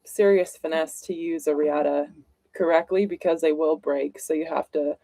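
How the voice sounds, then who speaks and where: A woman's voice: sits low, fairly even intonation, normal speed, mellow, dry recording, low-quality recording. A woman co-hosting a casual livestream chat, talking chattily and correcting herself as she goes. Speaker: co-host.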